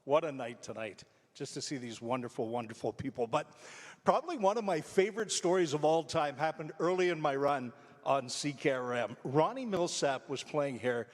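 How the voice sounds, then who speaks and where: An older man, a longtime radio personality, tells heartfelt stories on a theatre stage. His voice runs a little high and he tells them with animated, emotional energy. The sound carries a long reverb from the hall. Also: normal speed. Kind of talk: storytelling speech to a live audience.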